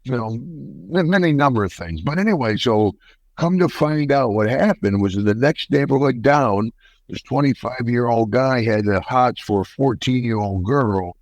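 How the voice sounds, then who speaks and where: Older American man, ex-wrestler guest, folksy animated storyteller, dry close sound. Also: mid-range voice, normal speed, no room sound, rough recording. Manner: animated, folksy, acts out quotes. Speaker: podcast guest, retired wrestler. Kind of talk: casual storytelling interview.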